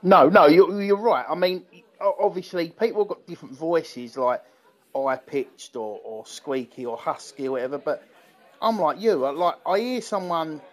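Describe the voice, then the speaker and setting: A man's voice: fairly high pitch, moderate pace. A man co-hosting a podcast in casual chat, rambling with many restarts and fillers. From England. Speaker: podcast co-host. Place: London.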